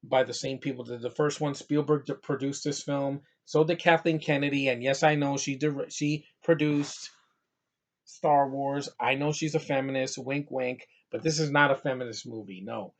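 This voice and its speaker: A man's voice: mid-range voice, steady tone, moderate pace. Guy from new york rambling through a movie review, lots of uh and you know. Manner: rambling, with lots of fillers and restarts. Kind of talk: casual movie review monologue.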